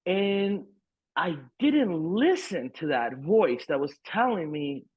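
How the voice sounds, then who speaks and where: His voice is high, sing-song and husky, and he takes his time as a middle-aged podcast guest telling a frank, rambling story laced with profanity and heaps of fillers. The recording is dry and has a thin, phone-like quality.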